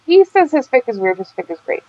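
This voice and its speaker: A woman's voice: high voice, very animated, quick pace, darkish tone, no echo. A woman with a Baltimore accent co-hosting a casual group chat show, chatty and gushing, laughing easily. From Baltimore, USA. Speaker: podcast co-host. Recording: dull lo-fi online audio.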